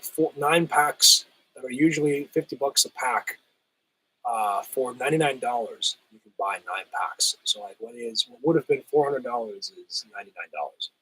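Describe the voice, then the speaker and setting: A man hosts a relaxed live stream and answers his viewers in a chatty, easygoing way. His voice is husky and a little rough, still getting over a cold, at a middle pitch. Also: low-quality recording. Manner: laid-back, chatty, laughs often, says "hell yeah". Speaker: livestream host reading chat. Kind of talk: casual livestream chat.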